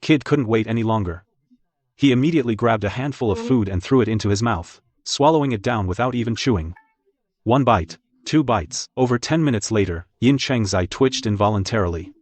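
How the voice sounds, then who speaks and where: Low-voiced male narrator, dry studio. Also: lively intonation, brisk, a little mellow, dry recording. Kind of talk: scripted narration.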